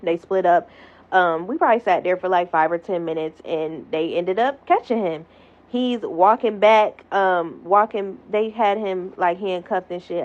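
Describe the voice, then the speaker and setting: A young woman telling a wild storytime in an animated, profane manner, acting out the voices she quotes. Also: lowish voice. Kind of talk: storytime monologue. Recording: slightly dull lo-fi audio.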